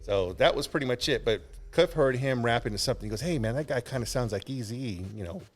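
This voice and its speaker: A man guesting on a podcast, telling rambling anecdotes in relaxed, casual conversation. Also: medium pitch, quick pace. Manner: laid-back, rambling anecdotes with laughs.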